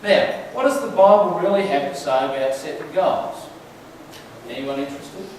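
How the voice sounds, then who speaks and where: Chatty preacher in an echoing hall. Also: male voice, on the high side, moderate pace, darkish tone, slight background noise. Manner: chatty, storytelling, asks the crowd questions. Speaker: church speaker. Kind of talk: conversational sermon. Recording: very echoey hall, mic far off.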